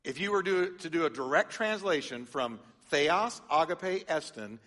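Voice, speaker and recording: Animated pastor with a bright voice. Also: male voice, a little high, normal speed, few pauses, big-room sound. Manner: animated, engages congregation with call-and-response. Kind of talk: sermon teaching. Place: church sanctuary.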